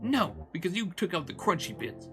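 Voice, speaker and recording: Fussy chatty lady cat for a visual novel, lively pitch, music playing as a guy plays her. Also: moderate pace. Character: prim talkative female cat who loves crunchy bits. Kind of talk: voice-acting a visual novel on stream.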